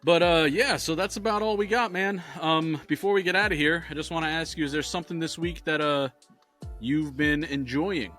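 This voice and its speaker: A man's voice: a little high, moderate pace, fairly bright tone, faint music behind. A man co-hosting a podcast, telling rambling stories in casual chat and swearing freely. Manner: profane, rambling storyteller. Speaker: podcast co-host.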